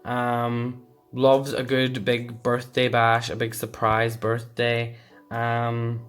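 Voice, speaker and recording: Man, tarot reader, casual intuitive reading, mid-pitched voice, slow meandering delivery, thinks aloud. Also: completely flat delivery, fairly bright tone, clean tone, soft background music.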